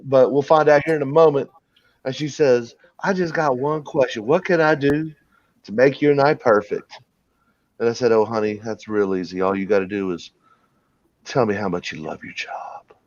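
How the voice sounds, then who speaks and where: A man's voice: mid-range voice, normal speed, darkish tone, dry recording. Crude, rambling male storyteller. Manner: rambling, crude, laughing at his own story. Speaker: podcast host telling a story. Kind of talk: casual storytelling. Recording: dull lo-fi sound, dry.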